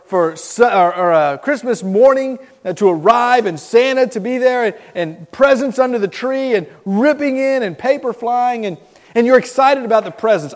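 In a large hall, a high-voiced Miami man in his thirties tells a group about Christmases past. He stumbles and repeats his words, but his storytelling stays animated.

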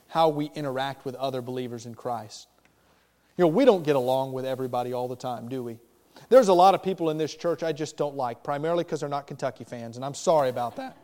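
A pastor preaching a sermon, with animated, emphatic delivery and rising questions. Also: male voice, mid-range voice, big-room sound.

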